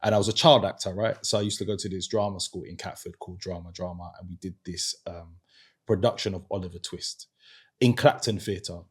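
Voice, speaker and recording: A man's voice: sits low, steady tone, fairly quick, slightly rough. A man, a podcast guest telling an earnest story in casual chat, with hesitant restarts.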